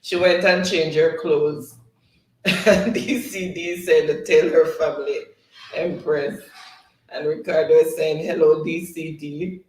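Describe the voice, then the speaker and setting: A man's voice: fairly high pitch, steady tone, unhurried, a little mellow. A man hosting a casual livestream, reading viewer comments aloud and laughing often between them. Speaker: livestream host. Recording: roomy, distant from the mic.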